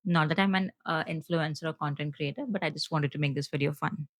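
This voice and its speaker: A woman with an Indian accent, hosting her podcast solo and talking fast and earnestly to her viewers, with frequent fillers. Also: low voice, dry recording. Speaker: podcast host.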